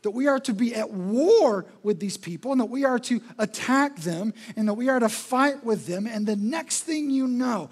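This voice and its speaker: A man's voice: very high voice, expressive, moderate pace, hardly any pauses. A male pastor preaching a sermon in an emphatic, repetitive, rhetorical style.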